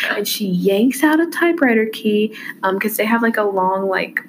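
A woman's voice: mid-range voice, animated, normal speed, hardly any pauses, a little hiss or hum, poor audio. A young woman co-hosting a podcast, chatting playfully and acting out scenes as she recaps a TV show. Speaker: podcast co-host. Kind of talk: casual TV recap chat.

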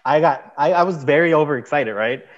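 As an interview guest, a man tells a personal story in casual conversation, rambling and leaning heavily on "like." His voice is a little high and fairly quick, and the recording sounds dull and muffled.

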